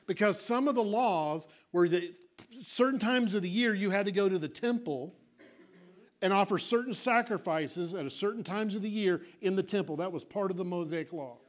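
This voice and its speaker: A male pastor preaching a sermon, emphatic, swinging between loud declarations and hushed asides. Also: high-pitched, normal speed. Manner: acts out congregants' objections in a small voice.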